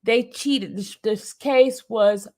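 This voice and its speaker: A woman's voice: on the high side, takes it slowly, darkish tone. Tearful woman hosting a live stream. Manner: pleading, urging listeners to join. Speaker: livestream host. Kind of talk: emotional live stream talk.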